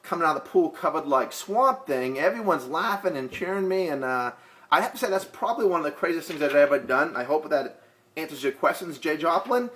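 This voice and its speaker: A man's voice: on the high side, fairly bright tone. A man, a real estate agent answering viewer questions in a casual, rambling, joking way with lots of fillers. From Boston area. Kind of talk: casual vlog Q&A.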